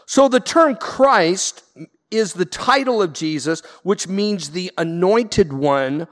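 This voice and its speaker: A man's voice: sits high, animated, slow pace, in a large hall. A man preaching a sermon as pastor, emphatic, with repeated refrains. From Southern California.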